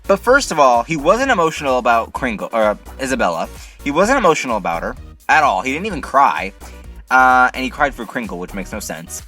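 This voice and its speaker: A man rants through a casual video review, exasperated and incredulous, firing off rhetorical questions. His pitch swings widely and his tone is bright and sharp. Faint music plays behind him. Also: sing-song, a little fast. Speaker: TV episode reviewer, channel host.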